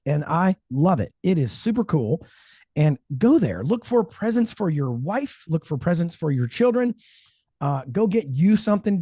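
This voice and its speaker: Enthusiastic higher-voiced male podcast host. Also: no room sound, clean studio sound. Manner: energetic, enthusiastic, slips into a radio voice for ads. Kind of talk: casual podcast chat with ad read.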